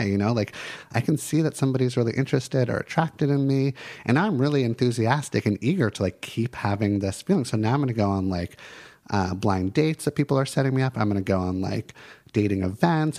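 A man's voice: medium pitch, animated, fairly quick, a little mellow. A man in his forties co-hosting a podcast, chatting casually and walking through feelings one step at a time, with lots of "like.". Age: 40s. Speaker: podcast co-host. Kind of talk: casual chat.

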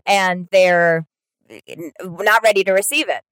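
A woman's voice: medium pitch, unhurried, a bit bright, clean tone, no room sound. A woman in her thirties hosting a podcast, reflective in casual chat, telling stories with quoted dialogue.

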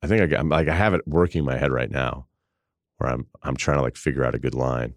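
A man's voice: extremely low pitch, fast, dry recording, clean studio sound. A male podcast host in his forties, telling a rambling, self-amused comic story in casual chat. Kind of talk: casual comedic monologue.

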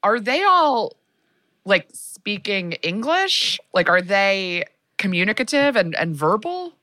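A woman co-hosting a comedy podcast answers her friend's story with quick, wry remarks and asides. Her voice is bright and bouncy, rising and falling a lot, and it's recorded close and dry. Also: medium pitch, very animated, no echo. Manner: reacts with short quips and laughs. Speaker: podcast co-host. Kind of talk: casual comedic chat.

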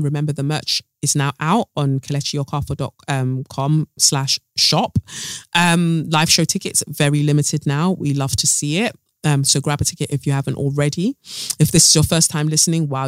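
A woman's voice: sits low, dry recording. A woman hosting her own podcast, speaking alone into a close mic in a blunt, fiery, swearing way. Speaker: podcast host. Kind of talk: solo podcast monologue.

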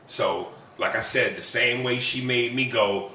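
A man hosting a podcast, talking casually and excitedly with slang and swearing. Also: on the low side, normal speed. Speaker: podcast host. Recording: roomy, distant mic with faint background hum.

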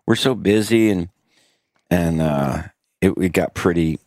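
A man's voice: low voice, a little slow, a little mellow, dry recording, studio quality. A man co-hosting a podcast in casual chat, joking and rambling, laughing often. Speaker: podcast co-host.

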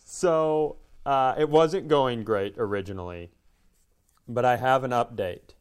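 A man co-hosts a casual podcast, spinning a meandering, self-mocking story. His voice is smooth and clear, pitched in an ordinary middle range. He drops in profanity with an easy, offhand delivery. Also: slow. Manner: rambling, self-deprecating storyteller. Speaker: podcast co-host, comedian.

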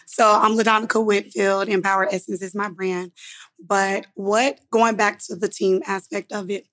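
A woman from the audience, hoarse with a worn-out voice, asks a question in a casual, conversational way. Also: medium pitch, little pitch movement, normal speed, a bit bright. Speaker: audience member asking a question.

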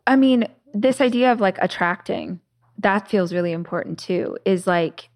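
A woman's voice: medium pitch, normal speed, darkish tone. A woman hosting a podcast, talking in a reflective, conversational way and telling stories, with plenty of filler words. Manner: reflective, storytelling, many "like" fillers. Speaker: podcast host.

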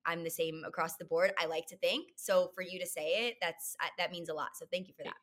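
A woman's voice: fairly low pitch, fairly even intonation, a little fast, fairly bright tone. A young woman guest on a podcast, bubbly and effusive in casual chat.

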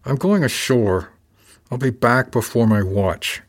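A man voicing a gruff, bullying male ship's officer who growls and barks his lines. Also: medium pitch, animated, fairly quick, a little mellow, natural voice. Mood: surly. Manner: growling, barking, slimy.

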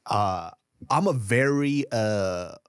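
A man's voice: fairly low pitch, animated, slow, clean tone, dry recording, clean studio sound. Grumbling, foul-mouthed male co-host. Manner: profane, grumbling, laid-back. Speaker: podcast co-host. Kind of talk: casual podcast chat.

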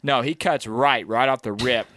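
A man telling a hunting story in casual slang, animated, often adding "you know what I mean" and acting out the deer's thoughts. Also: medium pitch, normal speed, a little hiss or hum. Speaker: bowhunter recounting a hunt. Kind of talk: casual chat.

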